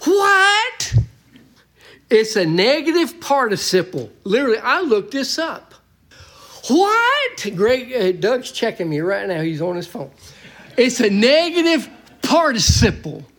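A man's voice: high voice, sing-song, moderate pace, a bit bright. A man preaching a sermon in a church, folksy and emphatic, joking with the congregation.

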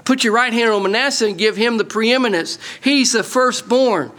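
A man's voice: very high-pitched, normal speed, a bit bright, pitched above the performer's own voice. A man voicing Joseph, a grown son urgently protesting to his father. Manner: emphatic, pleading.

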